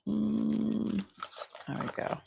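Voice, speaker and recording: A woman's voice: medium pitch, completely flat delivery, very slow, gravelly, noisy background. A tired woman hosting a casual live-stream unboxing, chatting and rambling about her items and laughing often. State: tired, yawning. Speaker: host selling antiques in a live sale.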